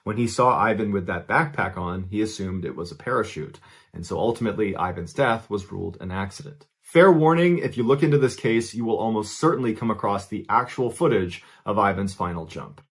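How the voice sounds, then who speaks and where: A man's voice: lowish voice, lively intonation, brisk, slightly rough. A man narrating true stories in a scripted, dramatic way that builds suspense. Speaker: storyteller.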